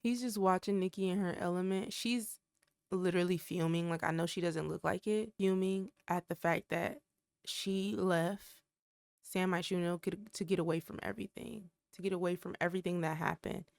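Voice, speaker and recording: A woman's voice: lowish voice, steady tone, normal speed, vocal fry, dry recording. Chatty young woman commenting on gameplay. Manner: chatty, talks straight to viewers. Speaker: gaming creator.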